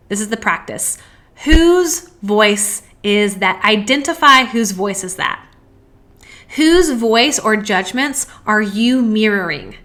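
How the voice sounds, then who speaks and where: A woman hosting a self-help podcast, talking earnestly, slowing down to stress key phrases and posing strings of rhetorical questions. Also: medium pitch, sharp tone. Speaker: podcast host.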